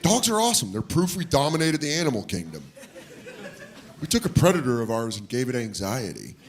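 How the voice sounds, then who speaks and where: On a comedy club stage, a stand-up comedian tells a story at a brisk pace, voicing the people in it with big jumps in pitch. Audience laughter and a faint crowd sit in the background, along with a little hiss or hum.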